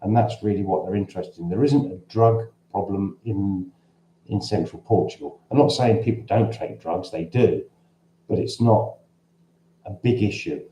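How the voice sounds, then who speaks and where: A man's voice: on the low side, moderate pace, mellow, a little hiss or hum. A man with a Cockney accent, originally from London, hosting a casual livestream and answering viewers' questions in a rambling, conversational way. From London, England. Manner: rambling and conversational, frequent restarts. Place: at home in central Portugal. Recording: roomy echo.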